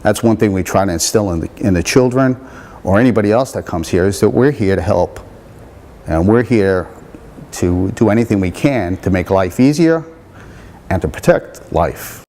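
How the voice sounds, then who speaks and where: Man, community worker, interview, sincere, dark mellow tone. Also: fairly low pitch, animated, normal speed, a little hiss or hum.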